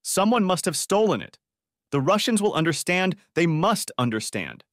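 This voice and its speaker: A man's voice: on the high side, sing-song, normal speed, fairly bright tone, no room sound, clean studio sound, voice pushed up. A man voicing a desperate young woman caught in a scam, pleading and panicky.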